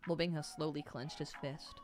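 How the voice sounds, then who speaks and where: A woman's voice: low-pitched, fairly even intonation, normal speed, darkish tone, soft background music. A woman reading a novel aloud expressively and breaking off for emotional asides. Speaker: novel reader.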